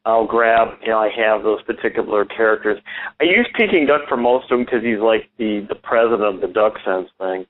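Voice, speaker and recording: A man's voice: lowish voice, brisk. A man who is a ventriloquist and school speaker, talking enthusiastically as a radio guest, rambling with many restarts. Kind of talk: casual radio interview. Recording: tinny phone-line sound.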